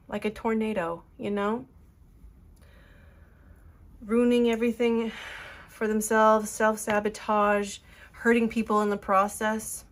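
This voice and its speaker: A woman's voice: medium pitch, flat delivery, slow pace, long pauses. A woman giving an earnest, emotional tarot reading, rambling with fillers as she talks to her viewers. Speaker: tarot reader.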